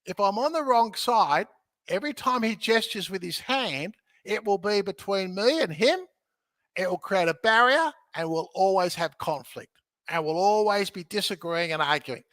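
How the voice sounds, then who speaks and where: High, bright-voiced energetic man. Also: moderate pace, no echo. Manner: energetic, jokey, keeps checking in with "okay?". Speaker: podcast guest, real estate educator. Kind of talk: animated teaching in conversation.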